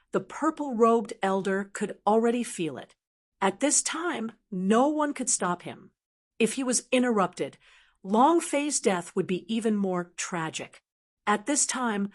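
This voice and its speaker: A woman narrates a fantasy audiobook. Her reading is steady and even, in a scripted narration style. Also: medium pitch.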